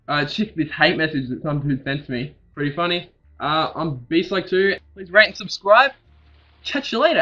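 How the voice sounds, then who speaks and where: A man's voice: a little high, lo-fi sound. A young man hosting a gaming channel, delivering a mock-serious rant over his gameplay and barely keeping a straight face. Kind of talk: casual gameplay commentary. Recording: game gunfire loud behind voice. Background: video game gunshots and clicks.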